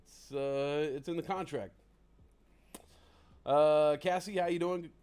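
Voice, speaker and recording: A man's voice: fairly high pitch, fairly even intonation, takes it slowly, a little mellow, smooth. A man hosting a casual livestream who rambles in a chatty, self-deprecating way, close on a desk mic. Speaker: livestream host.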